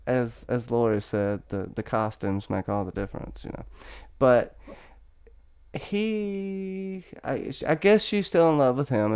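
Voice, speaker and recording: A man hosting a casual online discussion of a TV show, animated, joking and laughing as he talks. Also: mid-range voice, clear, resonant tone. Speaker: podcast host. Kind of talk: casual discussion on a video call.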